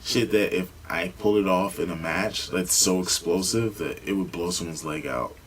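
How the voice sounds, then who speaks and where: Speaking at a moderate pace in a low voice, a young podcast co-host tells stories during casual conversation. He's animated and gives each quoted person their own voice. The recording is rough, with slight background noise.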